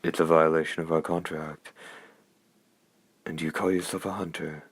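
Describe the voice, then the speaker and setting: A man's voice: very deep voice, little pitch movement, moderate pace, breathy edge, full character voice. A man voicing a haughty spoiled young noblewoman. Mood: indignant. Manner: imperious, scornful.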